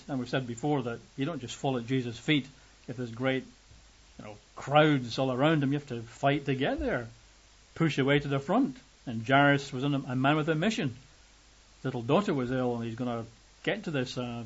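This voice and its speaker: A man's voice: brisk, breathy edge, highs cut off. A man preaching a sermon, reading scripture and explaining it conversationally, acting out the quoted voices. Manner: conversational, acts out quoted voices with rising pitch.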